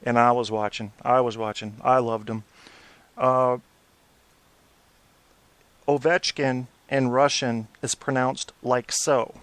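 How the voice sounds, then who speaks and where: A man's voice: medium pitch, level tone, slow pace, long pauses, fairly bright tone, clear, resonant tone, dry recording. Blunt opinionated man in his forties. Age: 40s. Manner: opinionated, blunt, swears when riled. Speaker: podcast host. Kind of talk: post-game hockey talk show.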